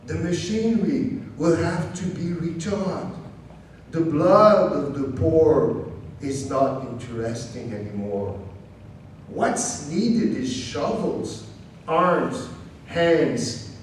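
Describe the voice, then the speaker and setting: A man giving a slow, measured poetry reading with long pauses, in a large church. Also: fairly high pitch, expressive, slight background noise. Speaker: poet reading at an event. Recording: very echoey church hall, mic far off.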